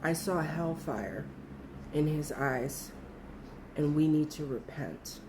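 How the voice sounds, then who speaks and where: A woman voicing her frightened young friend, a dancer, in a plain voice that turns hushed and shaken. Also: very high voice, steady tone, fast, slight background noise, pitched above the performer's own voice, rough recording. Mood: haunted.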